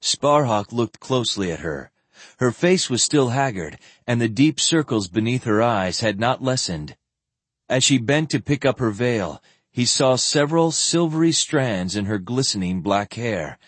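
A man reads a fantasy audiobook with a husky, slightly grainy voice, his pitch rising and falling in a lively way across each sentence. The sound is close and dry, with no room around it. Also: unhurried, dry recording. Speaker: narrator. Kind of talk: audiobook narration of fantasy novel.

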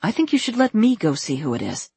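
A woman reading the part of a kind, concerned man who speaks gently and earnestly. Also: mid-range voice, huge pitch swings, a little fast, creaky, slightly rough, no room sound, heavily acted.

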